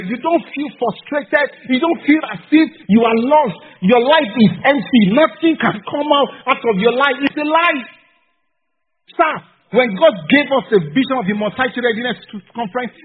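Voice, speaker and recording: A man's voice: extremely high pitch, slightly rough. A man with a Nigerian accent preaching a sermon as a pastor, passionate, with personal stories and pidgin asides. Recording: tinny phone-like recording.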